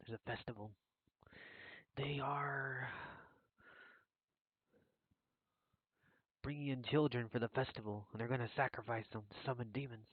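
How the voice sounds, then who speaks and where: A man speaking in character as a player in a tabletop game, quiet and deferential. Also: mid-range voice, steady tone, brisk, husky, no room sound. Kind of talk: in-character tabletop role-play. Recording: dry tinny phone-like audio.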